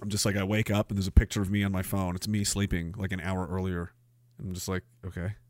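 A man's voice: sits low, little pitch movement, fast, dry recording. A man hosting a livestream, reading chat aloud in a profane, sardonic way and laughing often. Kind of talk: casual chat.

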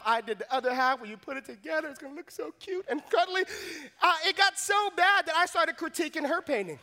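A young male pastor tells a funny story from the pulpit in an animated, self-mocking way. His voice sits very high and sounds bright and forceful. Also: fairly quick. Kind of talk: sermon with humorous story.

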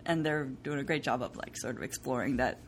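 A young adult woman playwright talking casually in an interview, animated and laughing often as she acts out what people said. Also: very deep voice, a little fast, a little hiss or hum. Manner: animated, laughing, quotes people in bright voices. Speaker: playwright guest.

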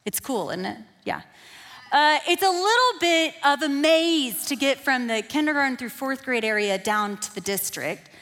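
High-voiced animated woman preacher. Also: normal speed. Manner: animated, self-deprecating, builds to emphatic peaks. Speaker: kids pastor. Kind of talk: sermon with personal storytelling. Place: church. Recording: long hall reverb.

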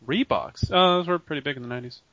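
Teasing man with a bright, worn voice. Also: a little high, quick pace, dry recording, highs cut off. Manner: joking, teasing. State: losing his voice. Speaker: podcast co-host. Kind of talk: casual podcast chat.

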